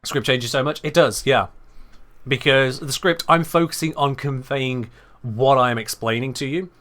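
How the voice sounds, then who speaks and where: A British man streaming a game, giving chatty, animated live commentary. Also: medium pitch, unhurried. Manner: chatty, animated, self-correcting.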